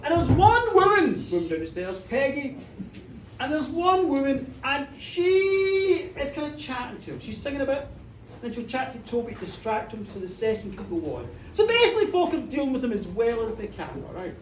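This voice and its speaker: A woman storyteller at a live pub show, chatty and lively, often checking in with her listeners. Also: sits high, normal speed, slight background noise. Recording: roomy pub from far off.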